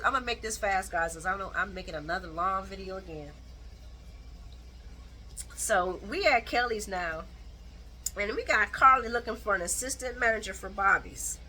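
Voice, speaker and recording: Bright-voiced woman recapping, blunt and animated. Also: mid-range voice, moderate pace, slight background noise, poor audio. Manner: animated, blunt, colloquial, with mocking asides. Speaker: soap opera recap host. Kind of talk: casual chat recap.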